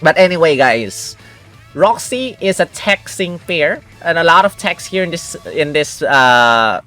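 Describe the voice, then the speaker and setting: A woman hosts a game guide video in a relaxed, talkative way, explaining things step by step and calling her viewers guys. Her voice sits low for a woman. Quiet guitar music plays faintly behind her. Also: a little slow. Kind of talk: casual game guide commentary.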